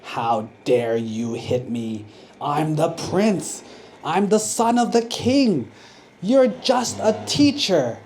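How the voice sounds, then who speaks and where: A haughty young prince spits out slow, arrogant threats in a raised, louder voice, as a monk acts him out for a children's story. His timbre is pushed away from a plain speaking voice and stays mellow. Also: fairly high pitch, slight background noise.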